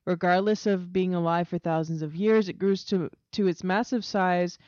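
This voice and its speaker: A woman co-hosting a casual podcast, pausing often with "um" as she works through what she found. Her voice is smooth and clear, a bit low for a woman. The sound is dull and lo-fi, in a dead, dry space. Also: steady tone, darkish tone, no echo. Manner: hesitant, reads facts with many "um"s. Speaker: podcast co-host. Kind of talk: casual chat.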